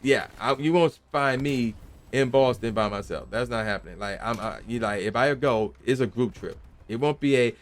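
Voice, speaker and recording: A young male gaming channel host talks at normal speed in a mid-range voice. In this casual opinion rant he's emphatic and animated, uses slang, and sometimes imitates the people he quotes.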